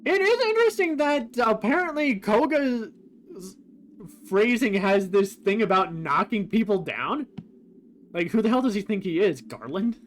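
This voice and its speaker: A man's voice: high-pitched, big pitch swings, measured pace, a little hiss or hum. A man streaming a game who compares translations in casual commentary, rambling with many fillers.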